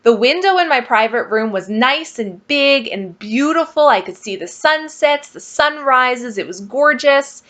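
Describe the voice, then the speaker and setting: A woman telling a personal story to her viewers in a casual vlog, animated and exasperated. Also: high-pitched, measured pace, few pauses. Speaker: vlogger.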